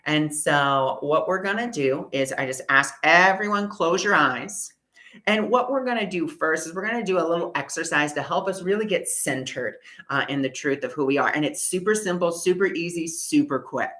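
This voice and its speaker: A woman with a deep, low voice leads a live online workshop on spiritual energy. She talks casually and warmly encourages her listeners. She guides them through a slow breathing exercise and keeps repeating gentle reassurances.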